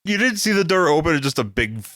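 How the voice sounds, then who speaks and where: A man's voice: on the high side, very animated, fairly bright tone, no echo, clean studio sound. Joking man on a comics podcast. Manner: joking, laughs often, quick asides. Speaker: podcast co-host. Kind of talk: casual comic book chat.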